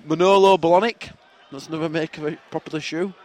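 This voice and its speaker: A man co-hosting a football podcast, excitable and laughing often. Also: a little high, a little fast. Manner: lively, laughs a lot, excitable. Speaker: podcast co-host. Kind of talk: casual football banter.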